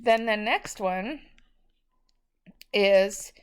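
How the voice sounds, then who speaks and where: A woman's voice: medium pitch, unhurried, clean tone. A woman teacher giving a recorded spelling lesson, patiently sounding out each word syllable by syllable.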